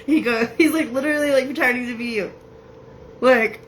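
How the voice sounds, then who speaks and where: A woman's voice: high voice, slight background noise, low-quality recording. Chatty woman medium, laughing often. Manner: chatty, laughs often, quotes the spirit in quick bursts. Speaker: psychic medium. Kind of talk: relaying spirit messages in a casual reading.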